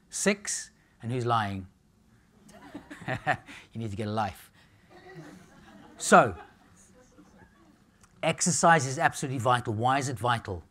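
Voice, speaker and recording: A man with an Australian accent giving a live health seminar, blunt and jokey, swearing casually. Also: a little high. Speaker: nutrition speaker. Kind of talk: live seminar talk to an audience.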